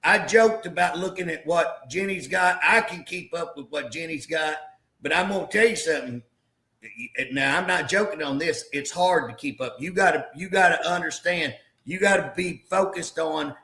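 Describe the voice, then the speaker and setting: A man's voice: a little high, normal speed, bright, forceful tone, roomy sound. A man speaking as a guest on a political talk show, rallying listeners in a fiery, folksy, preacher-like way. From southeast Oklahoma. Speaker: state representative guest.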